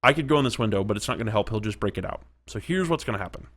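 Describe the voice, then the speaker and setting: A man's voice: on the low side, lively intonation, rapid-fire, fairly bright tone. A man narrating his own game play, chatting and reacting aloud, at times dropping to a whisper. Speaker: gaming commentator. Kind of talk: let's play commentary.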